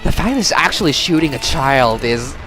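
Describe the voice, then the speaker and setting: A woman's voice: very deep voice, animated, a little fast, over music. A young woman streaming a story game, reading the text aloud and reacting with swearing and laughter. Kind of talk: game playthrough commentary.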